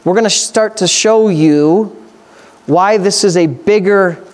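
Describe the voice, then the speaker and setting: A man's voice: high voice, slow pace, a little mellow. A male pastor preaching a sermon, reading Scripture and posing emphatic rhetorical questions.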